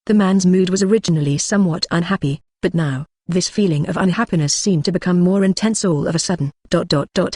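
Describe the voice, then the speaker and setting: A text-to-speech narrator reading a translated web novel at an even, mid-pitched level. The sound is dry and close, with no room around it. The delivery stays flat throughout. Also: fairly quick, hardly any pauses, no room sound. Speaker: audiobook narrator.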